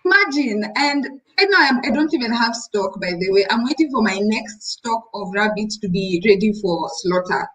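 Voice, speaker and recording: A woman's voice: medium pitch, moderate pace, hardly any pauses, poor audio. A woman, co-hosting a casual business chat and acting out stories. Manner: animated storyteller, acts out callers. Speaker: co-host, rabbit seller.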